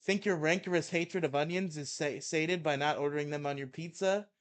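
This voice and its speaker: Young guy, kinda high voice, reading a rant out loud all mock-angry, laughing at it. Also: fairly quick, clear, resonant tone. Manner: reads with mock outrage, laughing at his own reading. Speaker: co-host reading an article aloud. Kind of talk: casual chat and comic dramatic reading.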